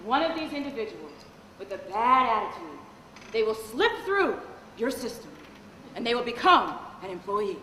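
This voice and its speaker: A woman attorney giving a live training seminar, animated and humorous, quizzing the audience with questions. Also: high-pitched. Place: event hall with a live audience. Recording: echoey hall, faint noise.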